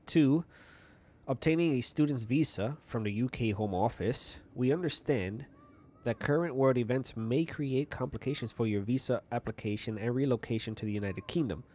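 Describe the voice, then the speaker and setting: A man's voice: mid-range voice, a little mellow. A man casually commenting while playing a game in a small apartment at night, chatty and often stumbling as he reads text aloud. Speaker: gaming YouTuber. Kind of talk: casual let's-play commentary.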